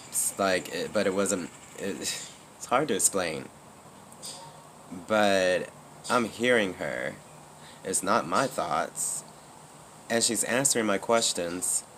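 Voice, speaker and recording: Male vlogger, deep low voice, casual and rambling, faint AC hum behind. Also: a bit bright. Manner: rambling, candid, many fillers and restarts. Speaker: YouTuber. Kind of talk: casual personal vlog.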